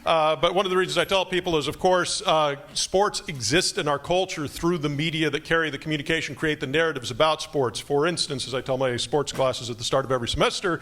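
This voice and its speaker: Fast-joking male professor. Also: a little high. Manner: fast, joking, lively talk. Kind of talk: lecture to incoming students. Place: auditorium.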